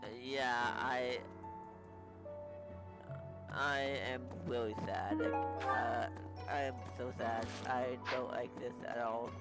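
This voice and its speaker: A man's voice: medium pitch, level tone, slow, gravelly, long pauses, poor audio. A young man commenting on a video game, sounding upset and repeating himself as he rambles. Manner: emotional, repetitive, rambling. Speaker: gaming YouTuber. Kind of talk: let's play commentary. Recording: voice over loud game music. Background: game music.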